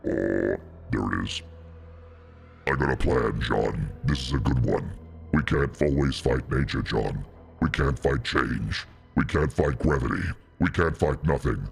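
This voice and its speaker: A streamer putting on a brooding, weary demon voice, slow and grim. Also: male voice, full character voice. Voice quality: deep gravelly growl. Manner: slow, grim, philosophical musing. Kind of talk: gaming livestream.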